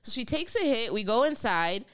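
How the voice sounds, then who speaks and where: A young woman hosting a podcast, telling stories in a casual, animated way. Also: on the high side, moderate pace, smooth. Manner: animated storytelling with laughs. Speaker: podcast host. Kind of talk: casual chat.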